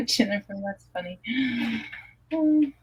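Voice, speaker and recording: A woman's voice: a little high, animated, very slow, slightly rough, highs cut off. A woman hosting a live online hangout, chatting casually and laughing easily. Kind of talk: casual chat.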